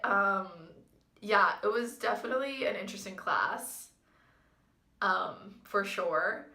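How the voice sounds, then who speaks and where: A woman's voice: medium pitch, bright, forceful tone. A woman vlogger telling a story in a chatty, amused way, full of fillers. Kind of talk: casual storytime vlog. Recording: echoey room.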